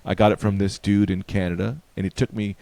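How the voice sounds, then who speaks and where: A man's voice: level tone, a little fast, creaky, dry recording. A man with a New York accent, a comedian guest telling a comic story and acting out both sides of it. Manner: acts out both sides of a story, rising loud and high.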